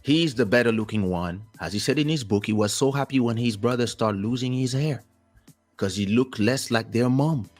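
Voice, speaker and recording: A man hosting a casual talk show, telling stories in an animated way and acting out quotes, with a French-speaking background. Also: medium pitch, moderate pace, faint music behind. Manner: animated storyteller, acts out quotes. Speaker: host.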